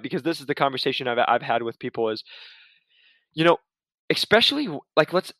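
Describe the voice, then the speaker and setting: A man's voice: medium pitch, a bit bright, dry recording. A man giving casual career advice in a chatty, laid-back way, full of restarts and asides. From Arizona.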